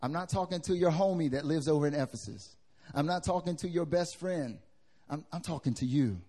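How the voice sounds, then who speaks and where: High-voiced lively male preacher. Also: brisk. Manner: lively preaching with wide swings in pitch and loudness, casual slang. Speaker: pastor. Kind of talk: sermon. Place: church hall with congregation.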